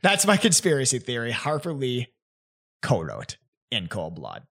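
A young man telling a story in casual chat, animated and laughing often, with many "like" fillers. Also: medium pitch, a little slow, husky. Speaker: podcast guest presenting a theory.

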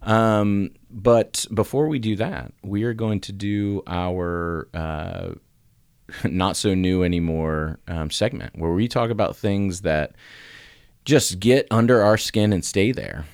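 A middle-aged man co-hosting a casual church podcast, telling stories with frequent laughter and jumping into a high voice when he acts out quotes. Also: takes it slowly, clear, resonant tone, no room sound, clean studio sound. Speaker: podcast co-host.

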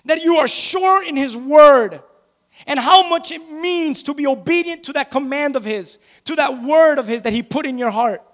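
Preaching to his church as its pastor, a man with a strikingly high voice speaks emphatically at a moderate pace. He repeats key phrases to build momentum, then slips into casual, conversational asides to the congregation.

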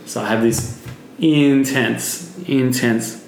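A man's voice: medium pitch, fairly even intonation, slow, a little hiss or hum. A man being interviewed as a podcast guest, telling a vivid personal story and swearing freely. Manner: vivid, swearing, acts out quotes. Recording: echoey room.

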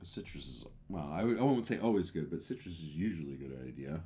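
A man co-hosting a boozy chat show, a little tipsy. His voice sits fairly low yet swings widely in pitch. He talks in an emphatic, profane way and gets excitable fast. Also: slight background noise. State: tipsy from drinking. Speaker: podcast co-host. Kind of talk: casual drinking-show banter.

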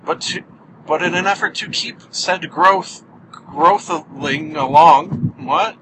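A man with a high-pitched, slightly slow voice hosts a solo podcast from behind the wheel, with engine and road hum in the background. It's a casual monologue where he jokes wryly and pokes fun at himself.

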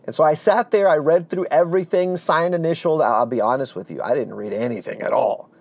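A man telling his life story as a testimony, earnest and animated, dropping to a hush at heavy moments. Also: a little high, quick pace, dry recording. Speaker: speaker giving a personal testimony.

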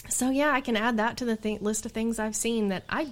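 A middle-aged woman, a Bigfoot researcher, telling a story in casual chat, animated and exasperated, laughing now and then. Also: on the high side, brisk.

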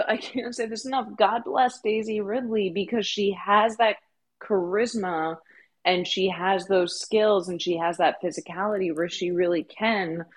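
A woman co-hosting a casual podcast chat. She talks in an eager, earnest way. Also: on the low side. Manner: enthusiastic, earnest. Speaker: podcast co-host.

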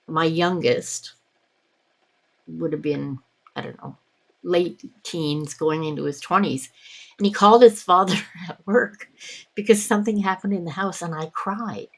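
Middle-aged Canadian woman guest, candid storyteller, low-ish register. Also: unhurried. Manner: reflective, laughs often mid-sentence. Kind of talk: podcast conversation.

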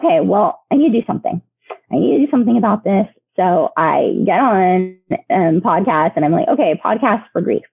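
Guest in her thirties, gravelly husky voice, chatty and laughing, heard over a dry phone-like line. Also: medium pitch, no room sound. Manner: chatty, many fillers, laughs often. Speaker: podcast guest. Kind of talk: personal storytelling.

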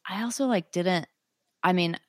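A woman's voice: fairly low pitch, normal speed, dry recording, studio quality. A young woman, a singer-songwriter guest, chatting casually and enthusiastically with lots of fillers. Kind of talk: casual interview chat.

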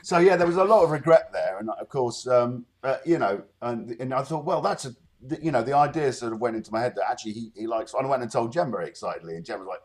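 A man's voice: medium pitch, quick pace, hardly any pauses. A middle-aged man, a guest musician, rambling through a story with many fillers in casual podcast chat.

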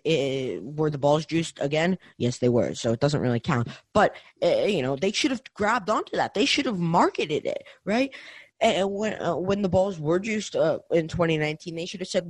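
A young man co-hosting a casual sports podcast, talking in an animated way with lots of restarts and tag questions. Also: on the high side, moderate pace, dry recording. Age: young adult. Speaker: podcast co-host.

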